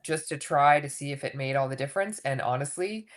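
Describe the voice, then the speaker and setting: Woman, 50s, low voice, frank storyteller guest on a chat podcast. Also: a little fast. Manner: candid, animated, swears casually. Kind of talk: casual interview storytelling.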